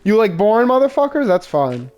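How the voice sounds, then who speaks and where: High-pitched young guy, teasing and laughing a lot, gaming chat with a buddy. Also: sing-song, a little fast, a little mellow. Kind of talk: casual chat while gaming.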